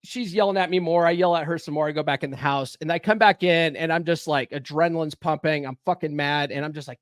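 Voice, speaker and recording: A man's voice: a little high, lively intonation, fairly quick, dry recording, studio quality. A man hosting a podcast, telling a profane story in casual chat. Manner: profane storytelling, acts out shouting. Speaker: podcast host.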